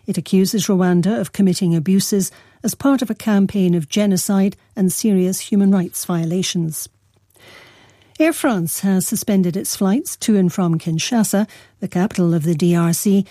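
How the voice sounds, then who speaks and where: A woman newsreader reading a news bulletin in a measured, formal way. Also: mid-range voice, warm tone, no room sound, studio quality.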